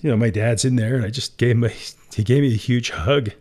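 A man's voice: medium pitch, brisk, a little mellow. A middle-aged man as an interview guest, telling a personal story candidly, emotional at times and laughing often. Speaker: entrepreneur guest.

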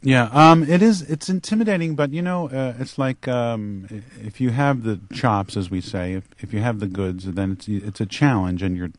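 A man's voice: mid-range voice, normal speed, few pauses, no echo. A middle-aged male comedian giving a rambling, self-deprecating radio interview. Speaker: guest comedian.

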